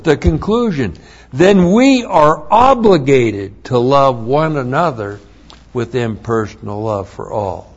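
Slow, deliberate male Bible teacher. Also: on the high side, sing-song, slightly rough. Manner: slow, deliberate, spells out Greek words letter by letter. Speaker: pastor. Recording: dull lo-fi sermon recording.

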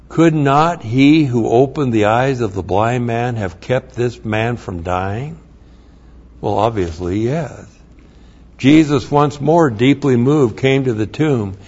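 A man preaching a sermon, reading scripture and explaining it in plain asides, getting louder when excited. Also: mid-range voice, slightly rough, highs cut off.

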